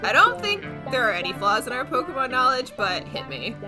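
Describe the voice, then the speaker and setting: A woman's voice: high-pitched, big pitch swings, fairly quick, loud music behind the voice. A young woman co-hosting a casual podcast chat, giggly and playfully teasing. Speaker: podcast co-host.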